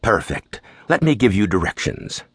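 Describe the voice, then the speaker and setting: Formal English secretary, polite and measured, voiced by a male narrator; dry close read. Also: lowish voice, very animated, a bit bright, husky, no echo, heavily acted. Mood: courteous.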